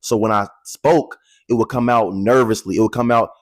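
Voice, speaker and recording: A man in his twenties talking to viewers in a casual, animated testimony, repeating phrases for emphasis, into a handheld microphone. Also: lowish voice, moderate pace. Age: 20s. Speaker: vlogger.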